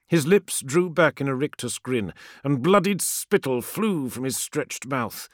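A man giving dramatic, expressive audiobook narration. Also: mid-range voice, measured pace, no room sound, clean studio sound. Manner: expressive storytelling.

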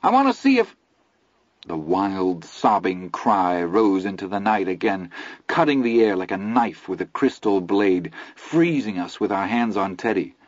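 Low-voiced male audiobook narrator. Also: measured pace, dry recording. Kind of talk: scripted first-person narration. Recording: dull lo-fi audio, dry.

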